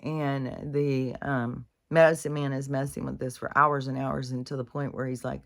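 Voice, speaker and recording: A woman's voice: a bass voice, level tone, normal speed, hardly any pauses. A woman in a casual spiritual monologue, speaking candidly, swearing freely and restarting her sentences.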